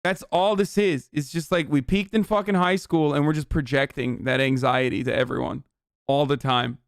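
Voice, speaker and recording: A man's voice: on the high side, steady tone, normal speed, clean tone, dry recording, clean studio sound. A man in his thirties, a streamer giving heated, sarcastic political commentary, swearing often. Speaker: streamer reacting to a news clip.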